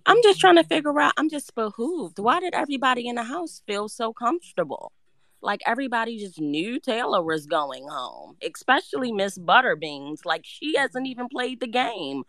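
A woman guest on a live chat, indignant and talking fast about the contestants. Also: on the high side, big pitch swings, fairly bright tone, no echo. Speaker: guest commentator. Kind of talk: live-stream reality show chat.

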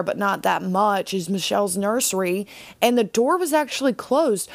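Woman podcast host, young adult, chatty casual recap, medium pitch, dry close sound. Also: no room sound. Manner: chatty, lots of "like" and "um".

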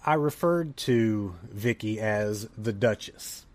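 A man's voice: on the low side, slow pace. A man hosting a podcast, telling a rambling story in casual chat with plenty of restarts. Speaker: podcast host.

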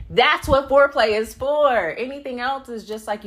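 A young adult woman hosting a solo podcast, talking bluntly and profanely in an animated, laughing monologue. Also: on the high side, normal speed, few pauses. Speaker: podcast host.

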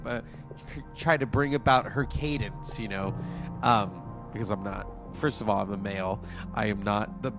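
A congested man in his forties hosting a solo podcast, chatty and digressive. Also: medium pitch. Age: 40s. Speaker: podcast host. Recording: music playing behind.

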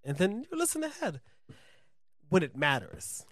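A man hosting a podcast, playful and crude, cracking quick jokes in casual banter. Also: sits high, wildly swooping pitch, fairly bright tone, no echo, studio quality. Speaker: podcast host.

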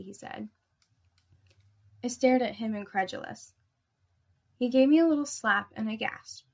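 Woman narrating with a gravelly, hushed voice. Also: medium pitch, normal speed. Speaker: story narrator. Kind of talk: first-person erotic story reading.

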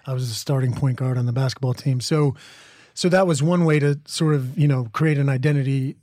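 A man's voice: medium pitch, steady tone, brisk, darkish tone, dry recording. A man in his forties from the American Midwest, an actor being interviewed, talking thoughtfully with restarts and asides. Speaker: actor guest. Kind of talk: interview conversation.

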